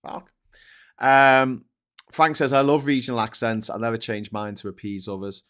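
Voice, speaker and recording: A man's voice: mid-range voice, moderate pace, fairly bright tone. A man with a Scouse accent hosting a casual live stream, reading out viewer comments and answering them bluntly, with plenty of swearing. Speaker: host.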